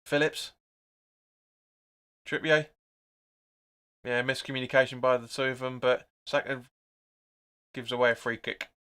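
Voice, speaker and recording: A young man hosts a live football watch-along, narrating each pass and chatting with viewers about the game. His voice is bright and forceful, pitched in a middle range. He gets loud and excited at the near chances. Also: measured pace, long pauses, clean tone.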